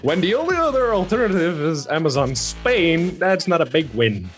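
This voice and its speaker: Easygoing man, slightly high voice. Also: sing-song, normal speed, soft background music. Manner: easygoing, laughs often. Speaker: podcast co-host. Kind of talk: casual podcast chat.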